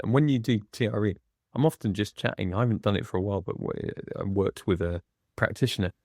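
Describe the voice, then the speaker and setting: A man speaking as a podcast guest in a candid conversation, measured and reflective, pausing between phrases. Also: on the low side, vocal fry, darkish tone, no echo, clean studio sound.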